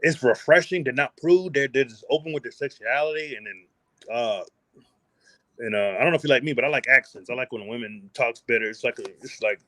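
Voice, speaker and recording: A man from the United States, a podcast guest and travel vlogger, talking in a casual interview with boastful, animated, slangy storytelling. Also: mid-range voice, a little fast, no echo.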